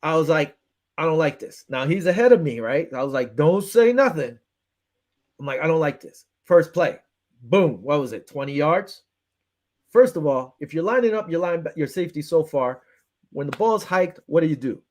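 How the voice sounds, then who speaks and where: A man's voice: a little high, normal speed. Fired-up man ranting about football. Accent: Western New York. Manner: animated, retells with quoted back-and-forth, frustrated ranting. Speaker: sports show host. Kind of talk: casual sports talk.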